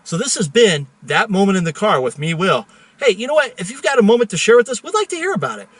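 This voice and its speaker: Animated, bright-voiced man telling a story. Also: high-pitched, fast talker, slightly rough. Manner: animated, joking, chatty. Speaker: host. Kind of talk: casual storytelling monologue. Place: in a car.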